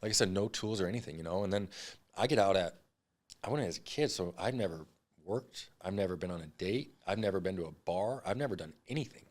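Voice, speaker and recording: Man in his 30s, deep voice, rapid blunt storytelling, swears a lot, interview guest. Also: expressive. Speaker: podcast guest.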